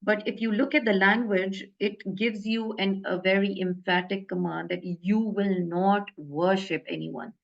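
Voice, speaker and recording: A woman's voice: mid-range voice, steady tone, unhurried, gravelly, hardly any pauses, dull audio. A woman teaching an Arabic grammar lesson in a casual, hesitant way, full of fillers and self-corrections.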